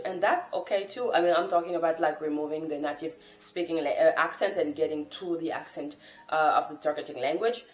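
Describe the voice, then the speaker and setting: A woman from France, a native French speaker, talking to camera in an earnest, thoughtful and encouraging way as a language-learning vlogger. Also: fairly low pitch. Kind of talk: casual talk to camera. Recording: roomy echo.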